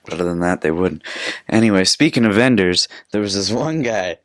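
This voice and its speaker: A man's voice: low-pitched, expressive, fairly quick, no echo, studio quality. A young man from Canada hosting a casual solo podcast, telling stories in a rambling, profane, chatty way. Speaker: podcast host.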